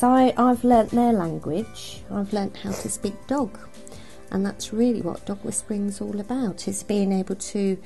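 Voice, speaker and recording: A woman from England answering interview questions about dogs, an animated storyteller who acts out the voices in her story. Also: mid-range voice, gravelly. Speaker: dog trainer interviewed as guest. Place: outdoors by a river.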